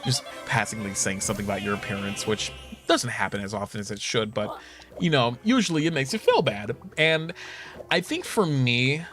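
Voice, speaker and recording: A young man chatting casually while he plays, candid and full of swearing and laughter, jumping into high mocking voices when he quotes people. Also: a bit bright. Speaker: streamer. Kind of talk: casual chat while gaming. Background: game music.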